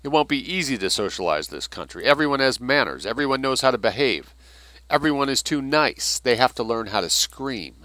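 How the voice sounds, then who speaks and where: Guy reading out a young woman activist pushing the boys to join up, loud and insistent, bright sharp tone, dry close sound. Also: medium pitch, expressive, a little fast, dry recording, pitched above the performer's own voice. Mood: urging. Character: young woman socialist urging men to action.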